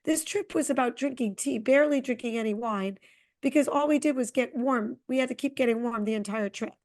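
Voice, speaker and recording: A middle-aged woman co-hosting a podcast, chatting casually and telling a long, animated travel story. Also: on the high side, brisk. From Connecticut. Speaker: podcast co-host. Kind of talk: casual chat.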